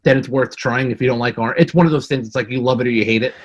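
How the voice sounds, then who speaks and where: Husky-voiced man, profane and animated. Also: medium pitch, rapid-fire, dull audio. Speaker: podcast guest. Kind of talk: casual chat.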